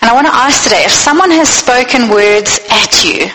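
A woman's voice: on the high side, animated, moderate pace, pushed and bright, slight background noise. A woman preacher giving a sermon, earnest and asking her listeners direct questions, in a space with long reverb.

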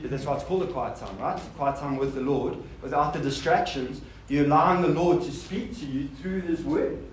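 A man's voice: a little high, a little fast, few pauses. A man preaching a sermon to a congregation. He asks rhetorical questions and makes casual asides to the listeners. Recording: roomy hall sound with faint noise.

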